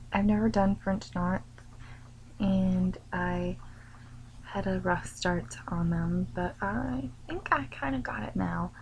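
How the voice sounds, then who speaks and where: A woman's voice: medium pitch, highs cut off, a little hiss or hum. Rambling woman vlogger chatting at home. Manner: rambling, easily distracted, laughs often. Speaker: cross-stitch vlogger. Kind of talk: casual rambling vlog chat. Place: home room.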